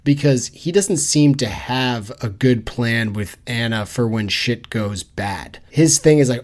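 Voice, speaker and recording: Male podcast host, casual and jokey, mid-pitched, acts out quotes. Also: expressive, normal speed. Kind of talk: casual chat.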